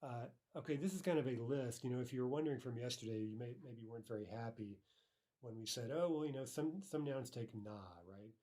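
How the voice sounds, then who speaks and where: A man giving a recorded grammar lesson, patiently saying each phrase slowly twice, with fillers and self-corrections. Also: mid-range voice, warm tone. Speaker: language teacher.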